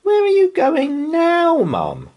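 A man's voice: extremely high pitch, wildly swooping pitch, takes it slowly, a little mellow, pitched above the performer's own voice, exaggerated voice. A man voicing a jealous young girl elephant from a picture book, with a pleading, complaining manner. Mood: whiny.

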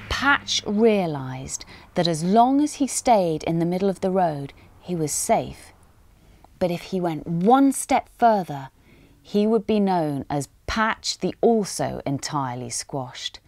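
A woman narrating a children's storytime, expressive and dramatic, dropping to a hush at tense moments. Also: lowish voice, a little slow.

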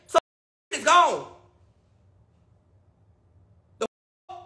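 High-voiced man ranting in an echoey room. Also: fast. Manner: loud, exasperated, profane, repeats himself. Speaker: vlogger. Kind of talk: ranting vlog.

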